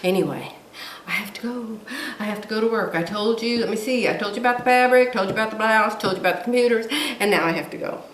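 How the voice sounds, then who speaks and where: A woman's voice: medium pitch, quick pace, roomy sound, recorded from a distance, slight background noise, poor audio. A woman vlogging from home in a chatty, gushing way, laughing often as she talks. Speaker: quilting vlogger. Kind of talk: casual chat to camera. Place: home room.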